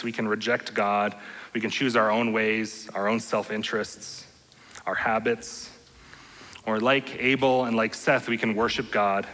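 A man preaching a sermon as pastor, earnest and steady, often checking in with his listeners by asking "right?". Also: mid-range voice, long reverb tail, poor audio. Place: church sanctuary.

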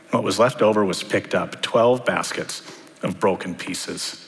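A man's voice: sits low, unhurried. Man preaching in a reverberant hall. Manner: conversational preaching with rhetorical questions. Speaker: pastor. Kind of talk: sermon.

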